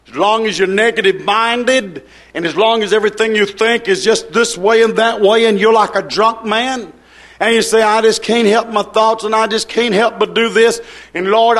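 A man preaching a sermon in an emphatic, repetitive cadence, breaking into shouts. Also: high voice.

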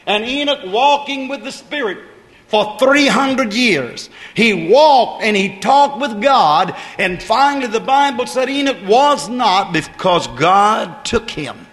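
Man preaching, high voice, repeats and builds phrases, long echoing reverb. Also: expressive, takes it slowly, a bit bright. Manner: preaching with rising emphasis and repetition; calls out to the congregation. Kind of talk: sermon. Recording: reverberant hall.

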